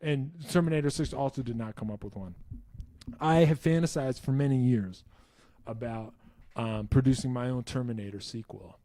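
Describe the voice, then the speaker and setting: A man's voice: mid-range voice, moderate pace, mellow, no echo, studio quality. A man hosting a casual live stream, answering viewer questions in a rambling, self-interrupting way with wry enthusiasm.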